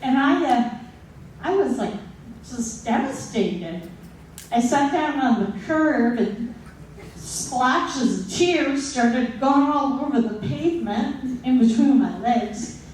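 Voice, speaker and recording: Woman, 60s, live storyteller; slightly high voice, unhurried comic delivery, distant miked in a reverberant room. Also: expressive, darkish tone, slight background noise. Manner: slow, comic, with dramatic pauses. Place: stage at a live story slam. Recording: very echoey hall, distant mic.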